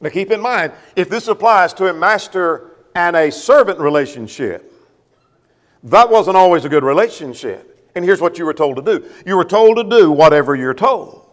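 A man's voice: sits high, animated, normal speed, big-room sound. A man preaching a sermon to a congregation, emphatic, repeating a refrain and putting questions to his listeners.

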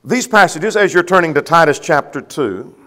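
A man's voice: fairly high pitch, lively intonation, moderate pace, bright, forceful tone, big-room sound. A man preaching a sermon to a congregation, emphatic, repeating a refrain and putting questions to his listeners.

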